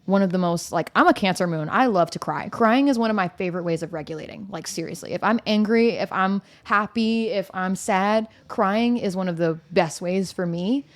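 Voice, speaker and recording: A woman's voice: mid-range voice, normal speed, few pauses. A woman co-hosting a podcast, talking openly and earthily about her own experiences, swearing casually and laughing often. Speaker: podcast co-host. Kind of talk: candid conversational chat.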